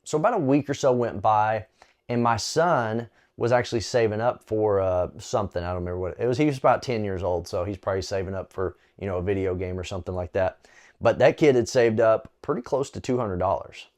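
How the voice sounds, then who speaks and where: A man telling a personal faith story in a relaxed, conversational way, with frequent small fillers. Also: lowish voice, fairly quick. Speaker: storyteller sharing a faith testimony. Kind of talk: casual spoken testimony.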